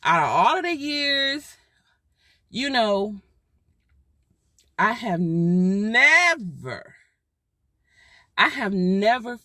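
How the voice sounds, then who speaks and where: A woman's voice: mid-range voice, bright, forceful tone, no echo. A mother telling a personal story in an emotional, heartfelt way, repeating herself for emphasis. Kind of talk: casual storytime.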